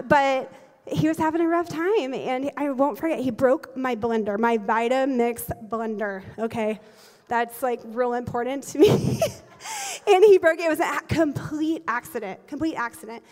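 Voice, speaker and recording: A woman in her forties, a pastor, preaching a sermon with lively, humorous storytelling and quick laughs. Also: sits high. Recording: long reverb of a large hall.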